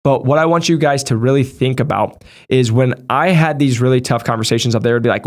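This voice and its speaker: Fast-talking man giving sales advice. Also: mid-range voice. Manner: direct, conversational, talks through past situations. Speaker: medical device sales trainer. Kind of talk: casual advice talk to viewers.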